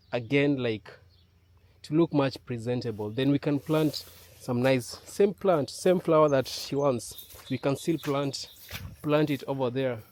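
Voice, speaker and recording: A man talking casually to his camera in an outdoor yard, halting with many fillers. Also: medium pitch, a little mellow. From Kenya. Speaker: vlogger. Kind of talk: casual vlog talk to camera.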